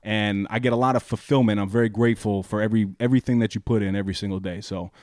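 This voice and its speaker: A young man co-hosting a podcast, talking earnestly in a halting way with many restarts. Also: fairly low pitch, steady tone, darkish tone, no room sound, studio quality. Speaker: podcast co-host. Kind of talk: casual chat.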